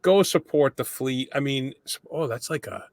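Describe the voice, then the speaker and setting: A man's voice: medium pitch, normal speed, darkish tone, no echo. A man hosting a podcast, chatting casually and telling self-deprecating stories. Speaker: podcast host. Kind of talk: casual interview chat.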